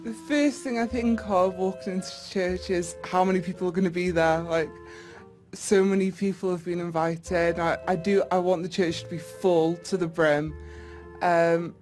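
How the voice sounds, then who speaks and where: A woman, a bride-to-be, chatting excitedly about her wedding day. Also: on the low side, a little slow, faint music behind. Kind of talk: casual chat.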